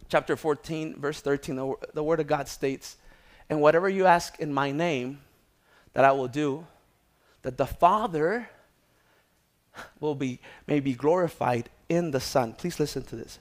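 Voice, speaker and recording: A man preaching a sermon, moving from hushed prayerful tones to loud exhortation and calling out to his congregation. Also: a little high, unhurried. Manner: calls out to the congregation for response. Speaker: pastor.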